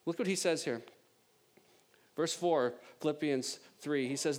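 A man preaching a sermon with a high, bright voice, animated and emphatic. He swings up in pitch to stress points and drops into playful joking asides. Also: a little slow. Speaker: pastor.

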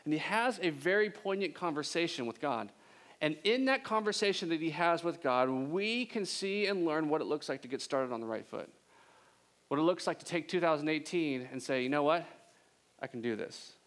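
A man preaching a sermon in a casual, animated storytelling way. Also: on the high side, moderate pace.

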